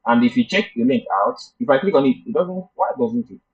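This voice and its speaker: Husky man teaching code live. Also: medium pitch, lively intonation, fairly quick. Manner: thinks aloud while debugging, chatty and hesitant. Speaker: coding instructor. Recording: muffled lo-fi class recording.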